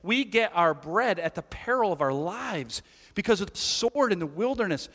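A man preaching a sermon in a relaxed, chatty way, often checking in with "right?" His voice sits high and swings widely in pitch, and it carries through a big sanctuary with a long hall reverb. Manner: conversational, animated, asks rhetorical questions. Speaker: pastor.

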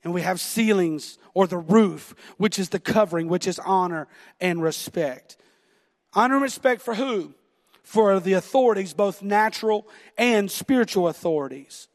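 Preaching in a church sanctuary, this middle-aged Southern American pastor shares a story about himself, breaking into self-deprecating laughter. He speaks at a moderate pace in a voice that sits high. The sound carries a long hall reverb.

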